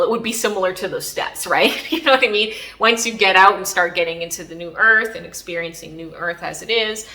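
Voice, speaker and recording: A woman recounts a personal experience in a casual vlog, her voice bright and clear. She rambles a bit and leans on little fillers as she goes. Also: on the low side, a little fast. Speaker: spiritual vlogger. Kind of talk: casual storytelling.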